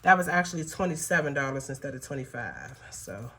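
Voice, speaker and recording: A woman's voice: very deep voice, very animated, sharp tone, husky. A woman talking casually as she counts cash into budget envelopes, rambling, with many fillers, and at times choked up. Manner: slow, rambling, counts bills aloud with frequent fillers. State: emotional, choked up. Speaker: budgeting vlogger.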